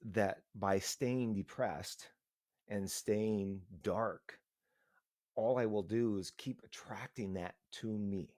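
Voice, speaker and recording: A middle-aged man talking into a live stream in a casual, earnest, halting way, rambling and restarting his sentences. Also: deep voice, darkish tone, dry recording, clean studio sound.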